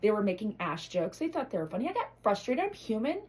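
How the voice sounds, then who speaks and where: A woman's voice: medium pitch, very animated, quick pace, a little mellow, poor audio. A middle-aged woman delivering a blunt, emotional motivational monologue to her followers, swearing freely. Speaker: motivational vlogger.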